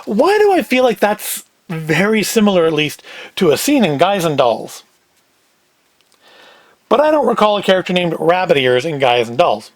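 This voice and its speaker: A man's voice: high voice, sing-song, moderate pace, no echo. A man hosting a casual solo talk, who rambles and thinks aloud in a chatty way. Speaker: host.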